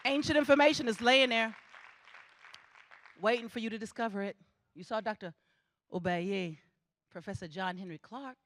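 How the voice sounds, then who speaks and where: Speaking at a graduation ceremony from a theatre stage, this middle-aged woman has a fairly high voice, a moderate pace and long pauses, with a faint crowd audible. Her spirited address carries an emphatic, preacher-like rhythm and returns again and again to its urgings.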